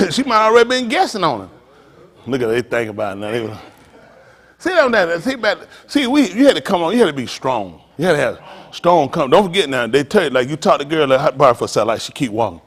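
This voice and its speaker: A middle-aged man pastor, teasing and preaching to his congregation in a joking, animated way. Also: fairly high pitch, quick pace. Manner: animated, teasing, talks straight to the crowd. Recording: long hall reverb.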